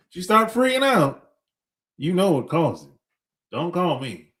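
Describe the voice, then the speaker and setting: A man's voice: sits high, a bit bright. A middle-aged man hosting a podcast, talking bluntly in a casual opinionated monologue, chuckling between points. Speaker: podcast host.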